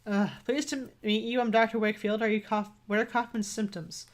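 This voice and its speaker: A woman's voice: a little high, steady tone, brisk, natural voice. A woman voicing a polite, inquisitive male doctor in a game, reading his lines with a few stumbles.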